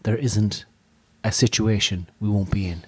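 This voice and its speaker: A man voicing a grand, mysterious male wizard who promises adventure, speaking slowly and deliberately. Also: lowish voice, steady tone, breathy edge, no echo. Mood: solemn. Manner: slow, solemn and deliberate. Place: pub.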